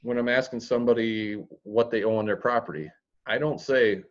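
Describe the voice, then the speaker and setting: A man's voice: lowish voice, fairly even intonation, a little fast. A man talking as a guest in an interview about real estate, plain-spoken and blunt, with dry humor and the odd crude word. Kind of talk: podcast interview. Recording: dull lo-fi audio.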